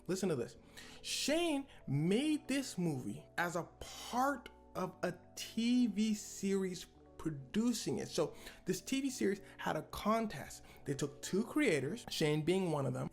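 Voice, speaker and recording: A woman co-hosting a casual reaction show, telling a story with animation and acting out the quoted lines. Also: lowish voice. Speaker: co-host.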